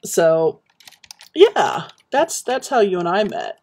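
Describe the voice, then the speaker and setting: A woman's voice: mid-range voice, big pitch swings, slow pace, darkish tone. Rambling woman chatting while gaming. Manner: rambling, friendly, reminiscing, many "um"s. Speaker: Minecraft streamer. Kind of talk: casual chat while building in a game.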